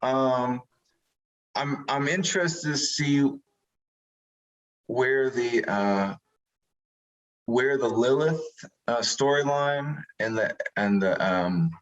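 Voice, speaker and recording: A man, an actor being interviewed, talking casually and rambling, animated when he retells moments. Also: mid-range voice, takes it slowly, pauses often, dull audio.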